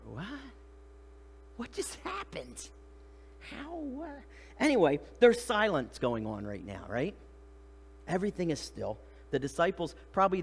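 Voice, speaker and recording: A man's voice: a little high, gravelly, in a large hall, slight background noise. A middle-aged man preaching a sermon in a church. He talks in a conversational way, asks the congregation questions and acts out the voices of the people in the story. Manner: animated, acts out voices of the disciples and Jesus. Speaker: pastor. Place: church sanctuary.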